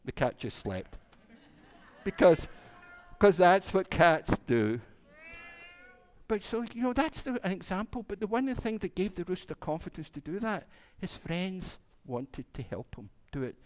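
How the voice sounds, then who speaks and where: A man's voice: high voice, animated, normal speed, few pauses. A man, a minister telling a playful children's story during a church service and acting out the animals.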